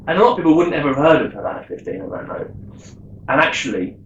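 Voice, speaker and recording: A man, telling stories in a chatty, animated way on a rum tasting vlog. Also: on the high side, quick pace, lo-fi sound, slight background noise. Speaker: rum vlogger. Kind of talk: casual tasting vlog storytelling. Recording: echoey room.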